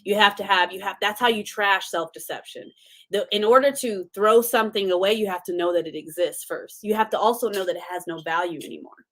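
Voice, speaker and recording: A woman talks straight to her listeners in a motivational faith talk. Her voice sits at a medium pitch. She comes across earnest and preachy, firing off rhetorical questions like a sermon. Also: fairly quick, a bit bright. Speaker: host.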